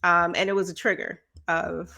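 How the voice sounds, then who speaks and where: A woman's voice: fairly low pitch, flat delivery, moderate pace, gravelly, bright, forceful tone. A woman co-hosting a podcast in candid casual chat, laughing often, swearing freely and acting out her own angry outbursts. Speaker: podcast co-host.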